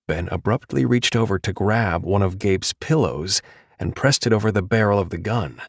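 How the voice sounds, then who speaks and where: A man narrating an audiobook with a steady, measured delivery. His voice sits low, and the studio sound is close and dry. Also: dry recording.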